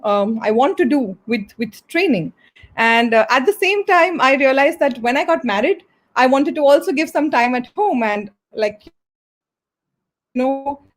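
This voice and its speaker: A woman in her thirties, a business founder and trainer, answering in a live online interview, earnest, with many fillers and restarts. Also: sits high. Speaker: guest entrepreneur and trainer.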